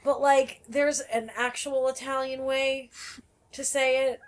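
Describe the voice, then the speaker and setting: A woman's voice: sits high, flat delivery, slow. A young woman from New Jersey telling a rambling, profanity-laced story as she co-hosts a casual podcast chat. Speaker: podcast co-host.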